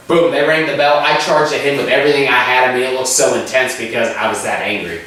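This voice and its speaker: A young man casually telling a story as a podcast co-host, animated and laughing often as he acts out quotes. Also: mid-range voice, quick pace, few pauses. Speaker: podcast co-host recounting wrestling events. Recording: very echoey room, distant mic, faint hiss.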